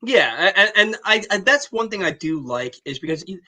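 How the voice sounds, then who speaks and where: Bright-voiced man talking baseball. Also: high voice, big pitch swings, fairly quick, low-quality recording. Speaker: sports podcast co-host. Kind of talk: casual sports talk.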